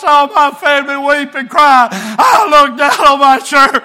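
A preacher man with a very high, bright, ringing voice, preaching with fervent emotion and often breaking into shouts. His delivery is heartfelt and insistent, full of the passion of a revival pulpit. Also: animated, unhurried. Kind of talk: sermon.

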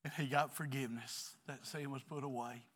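A middle-aged man preaching an earnest, confessional sermon in a church, swinging between quiet stretches and loud ones. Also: mid-range voice, fairly even intonation, a little fast. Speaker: pastor.

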